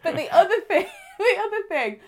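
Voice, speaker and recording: Animated, laughing woman in her thirties. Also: very high voice, brisk, slight background noise. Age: 30s. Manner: chatty, laughs often, acts out quoted voices. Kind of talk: casual chat.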